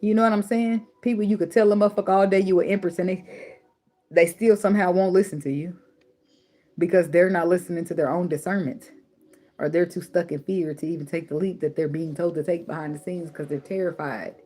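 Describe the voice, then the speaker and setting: A woman's voice: lowish voice, fairly even intonation, a little fast, dark tone. A woman giving tarot advice in a blunt, preachy way, swearing freely and repeating words for emphasis. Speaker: tarot reader. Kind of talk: casual spiritual advice monologue.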